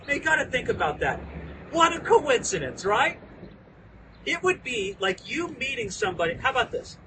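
A man preaching a sermon outdoors at a historic site, lively and animated, acting out the voices of the people in his story. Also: extremely high pitch, fast talker. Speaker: pastor. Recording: distant mic with outdoor noise.

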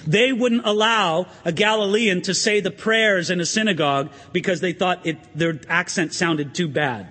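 A pastor preaching an animated sermon in a church, asking the congregation questions and swinging his emphasis up and down. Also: high-pitched, moderate pace, big-room sound.

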